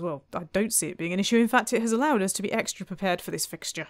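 A woman's voice: medium pitch, fast talker, hardly any pauses, no echo. A woman commentating on her own gameplay in a wry, chatty way, full of exasperated asides. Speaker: let's play host.

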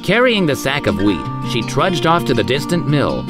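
A male storyteller reads a children's tale with a hugely lively, sing-song rise and fall. His voice sits at a medium pitch, with soft music playing behind him. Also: moderate pace. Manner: expressive, sing-song reading. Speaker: storyteller host.

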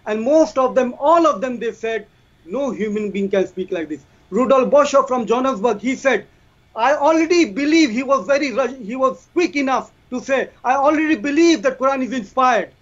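A man's voice: very high-pitched, normal speed. A man presenting his side in a debate. He asks repeated rhetorical questions and recites scripture in Arabic. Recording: dull lo-fi stream audio.

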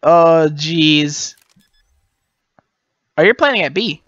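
A channel host giving casual gameplay commentary, excitable and laughing often, with jokey trash talk. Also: medium pitch, takes it slowly, no echo, highs cut off.

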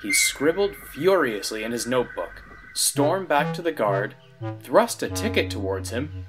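A man narrating a children's railway story in an expressive storybook style. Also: medium pitch, measured pace. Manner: lively, expressive reading. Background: loud music.

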